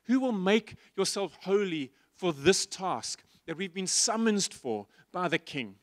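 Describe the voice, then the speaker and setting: High-voiced preacher with a dry sound. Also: male voice, sing-song, measured pace, no echo. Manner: impassioned, repeated rhetorical questions to the congregation; shifts between loud emphasis and soft, low asides. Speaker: pastor. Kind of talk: sermon. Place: church stage.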